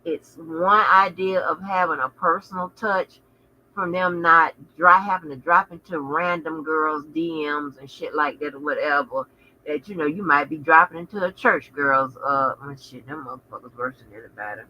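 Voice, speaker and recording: A woman hosting a casual livestream, chatting with viewers in a sassy, profane way full of animated asides. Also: sits low, normal speed, muffled recording, slight background noise. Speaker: channel host.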